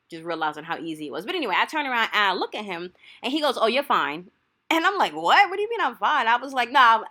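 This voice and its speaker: Animated New woman, lively bright voice. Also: mid-range voice. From New York. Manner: animated, chatty, gets loud and hyped. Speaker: hair vlogger. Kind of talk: casual storytelling while styling hair.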